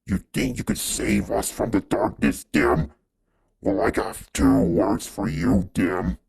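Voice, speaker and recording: Brief: man doing a gravelly cutscene villain, raspy, very slow and low, half-whispered taunts. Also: expressive, darkish tone, exaggerated voice. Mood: menacing. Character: menacing male villain taunting the hero. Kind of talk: fan animation cutscene voice acting.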